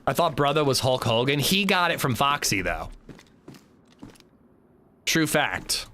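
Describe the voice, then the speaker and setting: A man's voice: mid-range voice, sing-song, measured pace, sharp tone, a little hiss or hum. A man streaming a game, chatting casually and rambling in a self-mocking way. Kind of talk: casual chat while gaming.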